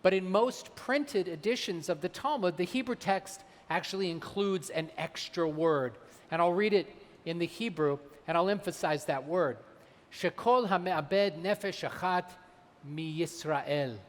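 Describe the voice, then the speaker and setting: A man, a rabbi, delivering a holiday sermon, slowing down and weighing his words when he quotes sacred texts. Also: high voice. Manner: measured, slows for emphasis on quoted texts. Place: large synagogue sanctuary. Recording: long hall reverb.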